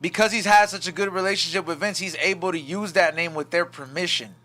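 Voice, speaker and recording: A man's voice: high voice, steady tone, fast talker, bright, forceful tone. A man hosting a casual podcast, earnest and rambling, full of "you know" and "like".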